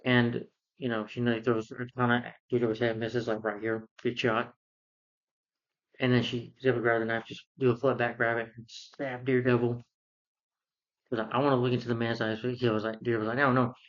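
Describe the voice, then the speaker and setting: A man's voice: mid-range voice, flat delivery, a little fast. Rambling man recapping a film. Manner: rambling, many fillers and self-corrections. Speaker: film reviewer. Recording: dull lo-fi sound.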